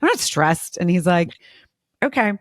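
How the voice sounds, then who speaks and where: A woman's voice: low-pitched, moderate pace, no room sound, clean studio sound. A woman in her forties, a mother and podcast co-host, chatting in an open, emotional way and laughing often. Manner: talkative, expressive, laughs often. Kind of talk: casual emotional chat.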